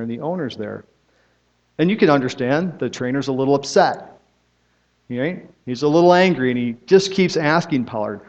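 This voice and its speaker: Middle-aged pastor preaching conversationally. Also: male voice, medium pitch. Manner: conversational storytelling, frequent tag questions. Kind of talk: sermon. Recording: dull lo-fi sermon recording.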